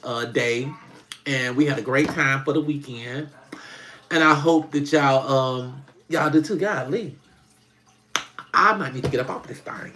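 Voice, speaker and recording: A man who makes comedy skits, chatting casually on a livestream as an animated, laughing storyteller who swears freely. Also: mid-range voice, a little hiss or hum. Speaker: comedy skit creator hosting a livestream.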